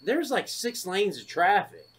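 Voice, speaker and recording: Animated, profane man telling a story. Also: high-pitched, unhurried, slightly rough. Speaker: podcast co-host. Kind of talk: casual chat.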